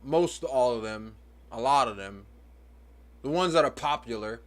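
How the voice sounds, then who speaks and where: A man's voice: mid-range voice, lively intonation, measured pace. Man, casual vlogger and parent; rambling, repetitive, musing monologue in an ordinary mid-range voice. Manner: rambling, philosophizing, repeats himself.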